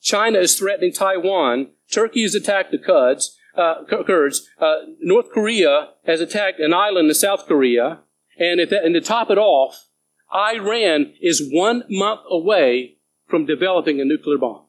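An earnest male pastor with a notably high voice, pressing his congregation with urgency as he preaches. He reads scripture aloud and tells stories from the pulpit. A faint hum sits under his voice. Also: lively intonation, moderate pace, poor audio. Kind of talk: sermon.

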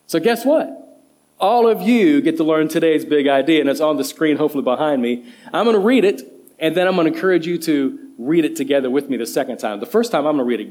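A middle-aged man delivers a sermon with a lively, swooping voice that sits a touch high for a man. He hits key words with emphatic rises, then drops back down. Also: fairly quick. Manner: emphatic, stresses single words with rising pitch. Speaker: associate pastor and children's director.

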